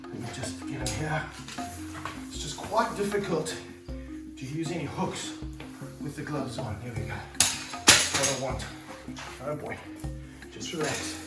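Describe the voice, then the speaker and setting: An energetic man, handling and filming a snake outdoors for his vlog, exclaiming and coaching a helper. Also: a little high, a little slow, long pauses. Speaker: snake handler and wildlife vlogger. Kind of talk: excited hands-on wildlife vlog. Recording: roomy sound, mic held off at a distance, faint music behind.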